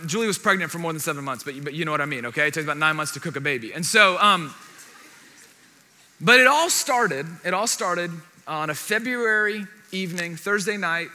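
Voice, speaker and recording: A young man preaching a sermon, telling a personal story in an animated, self-deprecating way with asides to the congregation. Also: on the high side, a little fast. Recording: long hall reverb.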